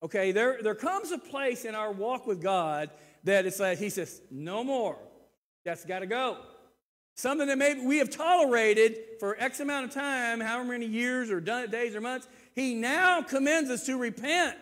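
Man, 60s, preacher, sermon, high voice, earnest, loud-then-quiet delivery, long church reverb. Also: animated, moderate pace, hardly any pauses. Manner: earnest, repeats words, swings between loud emphasis and quiet asides.

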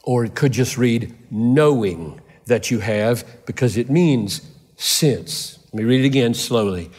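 A man's voice: medium pitch, animated, measured pace, darkish tone, slightly rough. An older man preaching a sermon in a large church, emphatic and repeating phrases for stress. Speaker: pastor. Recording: reverberant church hall.

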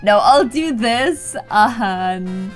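A woman's voice: a little high, lively intonation, extremely slow, faint music behind. A young woman giving giggly, playful commentary over her life-sim game. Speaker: gaming YouTuber. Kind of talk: casual gameplay commentary.

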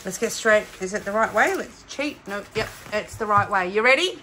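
A middle-aged woman from Australia chatting excitedly as she unboxes craft kits for her vlog. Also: mid-range voice, moderate pace, slight background noise. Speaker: craft vlogger. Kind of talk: casual unboxing chat.

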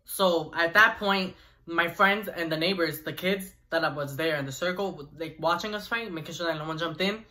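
A young man vlogger telling a personal story in an animated, chatty way with asides to viewers. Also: on the high side, moderate pace. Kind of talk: storytime vlog.

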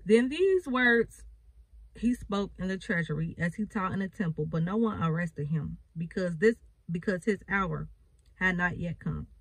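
A woman's voice: fairly low pitch, expressive, measured pace, husky, dry recording, low-quality recording. A woman preacher, reading scripture and explaining it with emphatic repetition. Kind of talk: bible reading and sermon.

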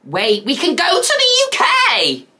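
A woman commentating her own gameplay in a campy, exclamatory way, jumping from squeals of excitement to low muttered asides. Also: unhurried. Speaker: gaming video host. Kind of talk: let's-play commentary.

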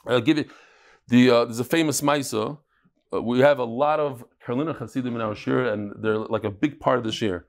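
Animated man teaching a Talmud class. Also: on the high side. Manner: animated storytelling, mixing Yiddish and Hebrew terms into English.

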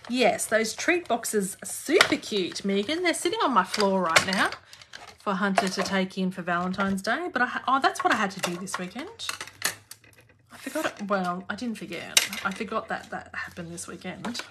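With heavy noise in the recording, an Australian woman speaks animatedly at a moderate pace in a mid-range voice. Teaching a live craft class from her craft room at home, she keeps up casual chat and laughs often as she works.

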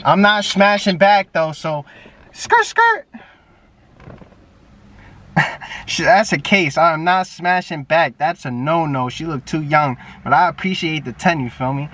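Young new guy on a phone video chat, brash and cussing a lot, kinda high voice, sounds far from the mic. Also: normal speed, a bit bright. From New York. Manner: brash, profane, teasing. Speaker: YouTuber. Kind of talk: casual video chat with strangers. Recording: distant phone mic, faint background noise.

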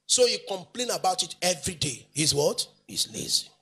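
High, lively preacher man. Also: normal speed, vocal fry, husky. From Nigeria. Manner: emphatic, shouting and sing-song preaching; repeats phrases and asks the congregation questions. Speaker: pastor. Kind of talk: preaching sermon.

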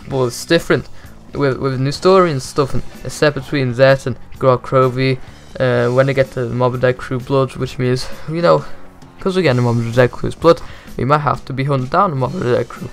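A man's voice: medium pitch, a little fast, vocal fry, faint music behind. A young man giving jokey, rambling commentary on a video game reveal as a gaming YouTuber.

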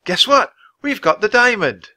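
A man voicing a bold, adventurous young girl in a storybook reading, with high, excited squeals. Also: a little slow, exaggerated voice. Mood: gleeful.

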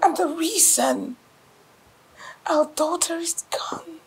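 A sobbing Nigerian mother, high and wavering. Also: big pitch swings, a little slow, gravelly, darkish tone, full character voice, rough recording. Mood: grief-stricken. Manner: distraught, swinging between whispers and outbursts. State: crying. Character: grieving young mother whose daughter was taken.

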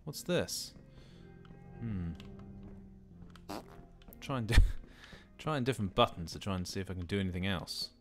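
With game music playing, a middle-aged man hosts a let's play, commenting casually and talking to himself in a sweary, jokey manner. His voice is low yet fairly bright in tone, animated and a little slow, with long pauses.

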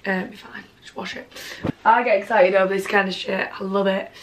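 A woman, gushing excitedly through a casual gift haul at home and swearing freely. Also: medium pitch, fairly quick. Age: 20s. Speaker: vlogger.

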